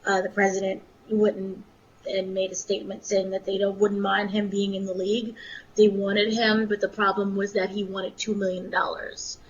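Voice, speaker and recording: A woman's voice: mid-range voice, completely flat delivery, normal speed, dull audio, a little hiss or hum. A woman co-hosting a casual podcast, brief and matter-of-fact. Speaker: podcast co-host.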